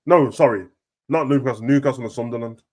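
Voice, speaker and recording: Casting: man, mid-pitched, laid-back slangy banter, laughs a lot, co-host of a football chat. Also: fast talker. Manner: slangy, animated, laughs often.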